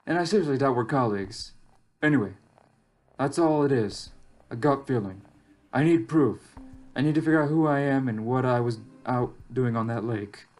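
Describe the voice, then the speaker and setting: A man's voice: mid-range voice, normal speed, a little mellow, close to an everyday voice. A man reading aloud as a lost, anxious young survivor in a text game, reflective and wry, with faint game music behind. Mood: musing. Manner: reflective, rises sharply when alarmed.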